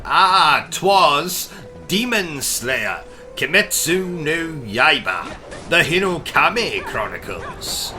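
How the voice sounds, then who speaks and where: A man's voice: on the high side, sing-song, takes it slowly, bright, forceful tone, soft background music. A British man hosting comedic gaming commentary, pompous and theatrical, full of exclamations. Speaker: gaming channel host. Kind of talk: comedic let's-play commentary with skits.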